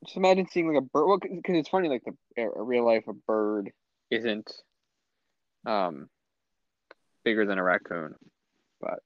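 A man's voice: mid-range voice, moderate pace, long pauses, no echo. A young man chatting casually as a podcast co-host, rambling and stammering, laughing often. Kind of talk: casual chat. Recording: slightly muffled lo-fi audio.

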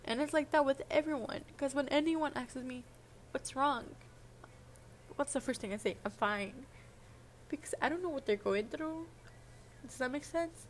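A woman's voice: sits high, a little fast, a little mellow, slight background noise. A young adult woman talking in a casual, confessional vlog monologue, rambling and hesitant, with many "like" fillers. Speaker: vlogger.

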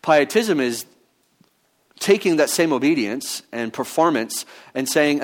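A man's voice: fairly high pitch, animated, unhurried. Man preaching a conversational sermon. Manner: conversational teaching, thinking aloud with fillers and restarts; mock-voices other views in quoted asides. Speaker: pastor.

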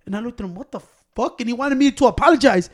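A young man telling stories in loud, profane casual banter as a podcast co-host. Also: extremely high pitch, very fast. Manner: loud, profane storyteller, talks over others.

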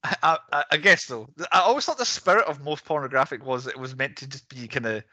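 A man hosting a film podcast in casual chat, animated, laughing often and tripping over restarts. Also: medium pitch, fairly quick, dry recording. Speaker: podcast host. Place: podcast recording.

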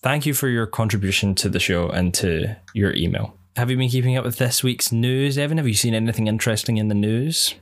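A man co-hosts a casual podcast, rambling and hesitating with plenty of fillers. He talks at medium pitch, fairly quickly, with few pauses.

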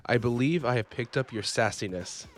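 A young man hosting a casual radio chat, talking in a relaxed way with many fillers. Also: mid-range voice, moderate pace, soft background music. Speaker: radio host.

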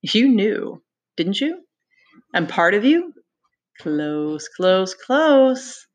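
A woman voicing a taunting, sinister male pig's-head beast in a dramatic read-aloud, slow and deliberate. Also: medium pitch, big pitch swings, full character voice. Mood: taunting menace. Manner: mocking, menacing, slow and deliberate.

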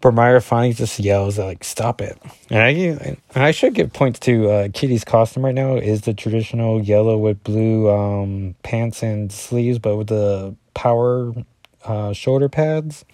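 A man's voice: on the low side, unhurried, a little mellow, dry recording, studio quality. A man, a father, reviewing a comic book in a casual, rambling solo talk, full of fillers and self-corrections as he reads through the issue.

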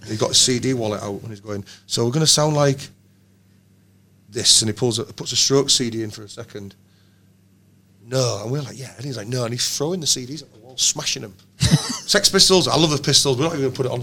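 A man, a band's songwriter, telling lively anecdotes in casual chat, swearing and laughing often. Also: medium pitch, quick pace. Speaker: songwriter in a band, guest.

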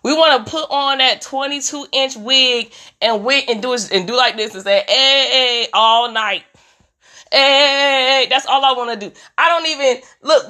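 A young woman doing a profane comedic rant about motherhood, animated and full of mimicry. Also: high-pitched.

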